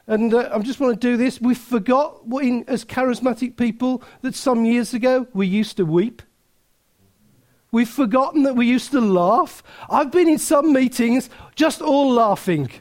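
A man's voice: very high voice, normal speed. A man preaching a sermon, emphatic, full of rhetorical questions and restarts.

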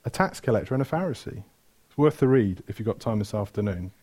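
A man's voice: fairly low pitch, expressive, fast, dark tone, slightly rough. A man preaching a sermon, retelling stories with energy, asking the room questions and correcting himself mid-flow.

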